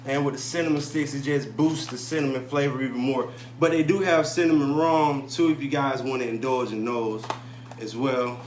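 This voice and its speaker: A man hosting a casual talk show, relaxed and easygoing, often tagging "man" onto his sentences. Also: medium pitch. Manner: relaxed, drawn-out filler "man". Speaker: host. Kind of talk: casual chat. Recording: echoey room, faint noise.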